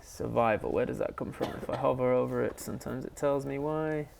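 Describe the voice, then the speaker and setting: A man narrating a tabletop game as game master, relaxed and chuckling, with many fillers. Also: mid-range voice, a little fast, creaky, background noise.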